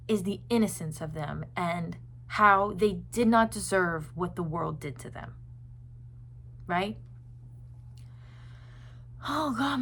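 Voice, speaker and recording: A woman's voice: medium pitch, fairly bright tone. A woman hosting a self-help video, talking to viewers in an earnest, rambling way, full of "like" fillers. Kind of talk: casual chat to viewers.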